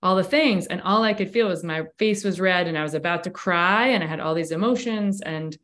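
A woman's voice: on the low side, fairly quick, a bit bright. A woman guest on an interview podcast, speaking candidly and reflectively, with frequent "like" fillers as she recounts her experience. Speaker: breathwork coach and podcast guest. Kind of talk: conversational storytelling.

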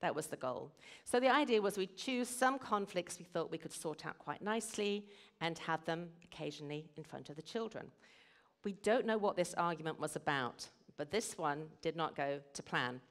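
A middle-aged woman, invited as a guest speaker at a church service, delivers a sermon at a moderate pace in a fairly low voice. She explains and tells stories earnestly.

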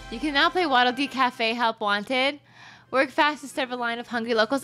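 A bright, high-voiced young woman playing through a video game and reacting out loud. She gasps and squeals with excitement as she goes, with faint game music behind her. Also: normal speed. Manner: excitable, gasping and squealing often. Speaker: gaming streamer. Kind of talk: let's play commentary.

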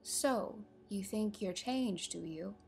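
A woman puts on a sleepy, languid caterpillar with a curt, stern edge. The voice is slow and drowsy with a gravelly texture. Soft music sits faintly underneath. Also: medium pitch.

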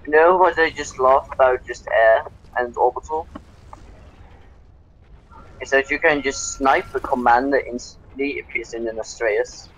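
A man's voice: medium pitch, unhurried, a bit bright, slight background noise, rough recording. A Dutch man with a slightly British-sounding accent, casually explaining game tactics while he plays. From Netherlands. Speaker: host playing and commenting.

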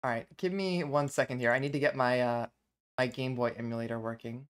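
A woman's voice: extremely low pitch, steady tone, a little fast, clear, resonant tone. A young woman streaming live, chatting casually and laughing often as she reacts to a video.

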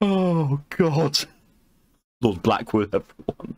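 A man's voice: fairly low pitch, big pitch swings, a little fast, dry recording, studio quality. A man reading documents aloud on a live stream, breaking off to swear and react.

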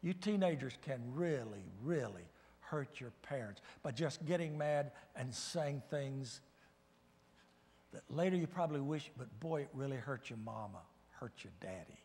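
A man preaching a guest sermon in a church, animated and swinging from loud bursts to hushed asides. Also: mid-range voice, unhurried. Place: church sanctuary. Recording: reverberant church hall.

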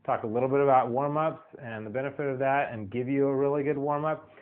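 Rambling singing teacher on tinny audio. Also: male voice, mid-range voice, steady tone, fast talker. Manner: rambling, repeats words, many fillers. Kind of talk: casual spoken vocal lesson.

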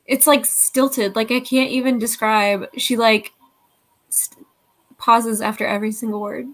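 A woman chatting casually over a video call as host of a live reading sprint, animated, swearing and laughing often. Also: a little high, a little slow. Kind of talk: casual chat.

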